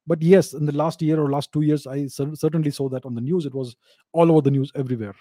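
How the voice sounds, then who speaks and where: A man talks in a casual, opinionated commentary, often stumbling and repeating words. His voice sits slightly high yet sounds mellow and dark. The recording is close and dry. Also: fairly even intonation, fast, no echo. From India.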